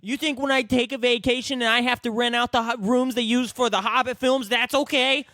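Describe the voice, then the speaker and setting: A man's voice: extremely high pitch, steady tone, a little fast, pushed and bright, no echo, pitched above the performer's own voice. A man imitating a short, furious man who rants in indignant rhetorical questions. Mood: mock outrage. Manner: mock-outraged rhetorical questions, laughing.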